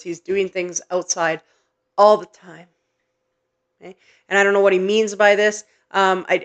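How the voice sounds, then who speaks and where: Woman psychic medium host, live-stream reading; gentle, earnest, halting, emotionally warm-toned delivery. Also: on the low side. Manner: gentle, earnest, many hesitant fillers; emotionally moved, softly reassuring.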